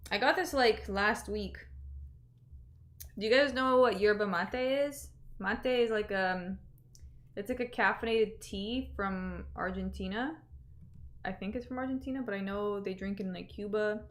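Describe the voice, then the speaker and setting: Woman, livestream host, casual chat, reads chat aloud, mid pitch. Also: a little slow. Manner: chatty, reads out chat messages, lots of fillers.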